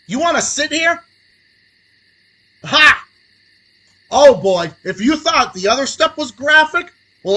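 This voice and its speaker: Brief: young male streamer, furious profane rant, sneering sarcasm, raspy and bright. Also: very high voice, poor audio. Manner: angry, sarcastic, swings between muttering and shouting. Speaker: podcast host. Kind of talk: profane political rant on a livestream.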